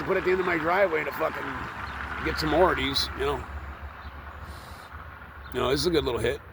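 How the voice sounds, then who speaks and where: A man's voice: mid-range voice, animated, brisk, background noise. A man rambling and swearing as he talks to the camera, outdoors up in a tree while he works on it. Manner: rambling, profane, with many fillers. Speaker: tree worker vlogging. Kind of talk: casual rambling monologue.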